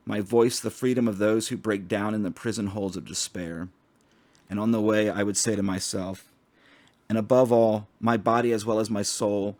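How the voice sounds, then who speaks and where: A man giving a slow, measured solo reading of a long poem, stumbling now and then on hard words. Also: on the low side. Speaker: poetry reader.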